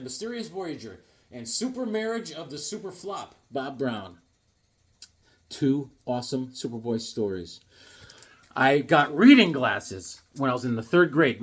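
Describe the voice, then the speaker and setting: A man in his fifties showing off his comic books in a casual joking vlog, acting out voices with sudden loud outbursts. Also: fairly high pitch, slightly rough.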